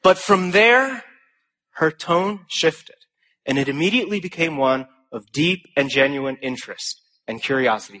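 A young man giving a speech to a live audience, telling stories in an animated, self-deprecating way. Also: mid-range voice. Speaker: conference speaker.

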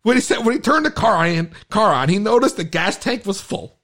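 A man's voice: high voice, brisk. A tipsy man hosting a podcast, telling stories in casual banter with lots of swearing and stumbling over his words. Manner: profane, animated storytelling. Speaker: podcast host. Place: podcast studio.

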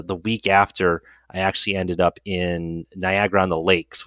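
A man with a very deep voice talks as a guest on a chat show. His voice sounds dry and close, with no room around it. He speaks in a relaxed, chatty way and often repeats words. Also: no echo. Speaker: cider reviewer, guest. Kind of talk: casual interview talk.

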